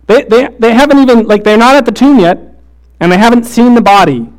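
A man preaching a sermon, swinging between quick casual storytelling full of "like" and "right?" and slow, hushed emphasis. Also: extremely high pitch.

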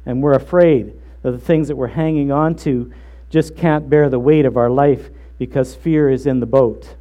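A man preaching a sermon in an earnest, measured way, slowing down to stress key phrases. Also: mid-range voice, fairly even intonation, highs cut off. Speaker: pastor.

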